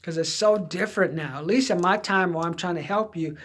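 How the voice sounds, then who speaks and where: Fairly quick and fairly bright, this man's voice sits high. A middle-aged Southern Californian, he tells casual, rambling personal stories about his past, candidly framed as job-hunting advice, and drifts into quoting voices along the way.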